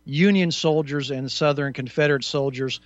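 A man's voice: a little high, moderate pace, no echo, lo-fi sound. Easygoing male talk radio host.

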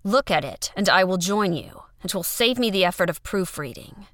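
A woman voicing an irritable male giant larva scientist who barks curt, loud lines. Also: medium pitch, lively intonation, normal speed, dry recording, studio quality, lightly acted.

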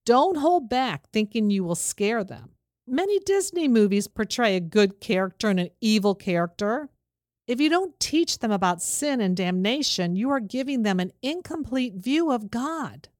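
A woman giving an earnest, steady religious lesson to parents, speaking in a plain instructive way. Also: fairly high pitch, normal speed, dry recording, clean studio sound. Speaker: Christian teacher for parents.

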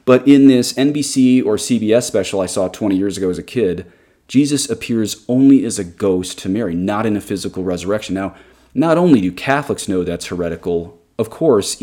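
A man's voice: fairly low pitch, lively intonation, a little fast, dark tone. A man in his thirties, a Catholic priest, reading from a catechism and then commenting in an emphatic, argumentative way.

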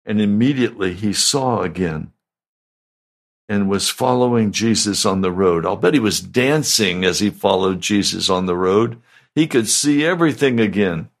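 A male pastor delivering a radio sermon, asking slow, emphatic questions. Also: on the low side, lively intonation.

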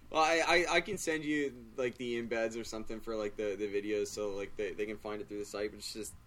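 A man's voice: fairly low pitch, fairly even intonation, brisk, fairly bright tone. A man chatting as a guest on a casual podcast, rambling with many fillers and casual swearing.

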